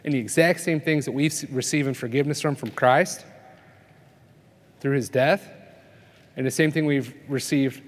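A man's voice: mid-range voice, fairly even intonation, moderate pace, pauses often. Guy preaching at a conference, chatty, keeps asking "right?", echo hangs in the big hall. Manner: conversational preaching, tells stories, asks the crowd "right?". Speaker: speaker at a family conference. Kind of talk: sermon. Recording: long reverb of a conference hall.

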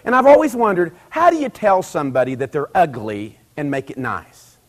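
A middle-aged man preaching a sermon in a conversational way, rising to loud emphatic peaks and acting out quoted dialogue. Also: on the high side, lively intonation, normal speed.

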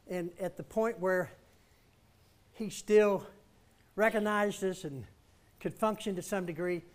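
A man preaching in a church, telling a story and calling the congregation to respond with emphatic lines. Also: high voice. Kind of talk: storytelling sermon.

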